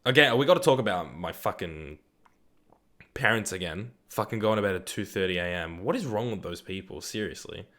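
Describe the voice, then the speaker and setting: Laid-back Australian man, lowish voice. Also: lively intonation, fairly quick, a bit bright. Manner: laid-back, rambling, swears casually; reads viewer chat aloud and answers it. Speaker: streamer. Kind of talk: live gaming stream chat.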